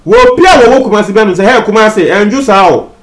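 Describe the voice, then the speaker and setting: Ghanaian male TV presenter, high voice, talks straight to viewers, echoey room. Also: very animated, quick pace. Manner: mixes Twi with English; addresses viewers directly. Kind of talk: commentary on a news story. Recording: roomy echo.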